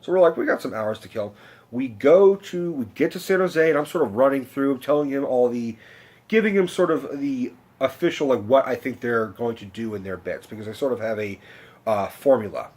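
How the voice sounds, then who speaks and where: A man's voice: medium pitch, lively intonation, normal speed, darkish tone. A young man telling a rambling personal story to his vlog audience, swearing freely and cutting himself off. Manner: rambling, profane, self-interrupting. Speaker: vlogger.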